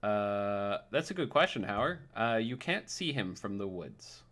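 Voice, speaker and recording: Low-voiced man running a tabletop game. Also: very animated, a little slow, fairly bright tone. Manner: casual, hesitant with many fillers. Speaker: game master.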